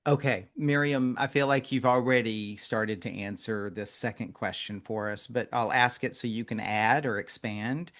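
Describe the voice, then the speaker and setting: A man hosting a podcast, gently affirming his guest and asking open questions in a conversational interview. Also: fairly low pitch, normal speed, few pauses. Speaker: podcast host.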